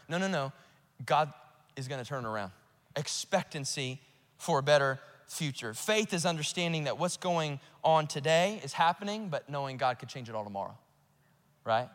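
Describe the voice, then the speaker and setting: A male pastor preaching a sermon, swinging between urgent outbursts and hushed, earnest asides. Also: a little high, lively intonation, normal speed, in a large hall. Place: church auditorium.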